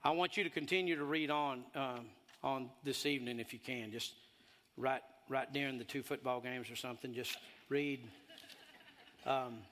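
A man preaching a sermon, animated and emphatic, drawing in the congregation. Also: medium pitch, normal speed, in a large hall.

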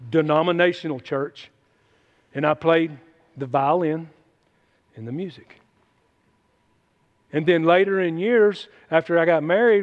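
A middle-aged man, preaching a folksy, emphatic sermon and dropping into quiet asides. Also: a little high, muffled recording. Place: church hall. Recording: long hall reverb.

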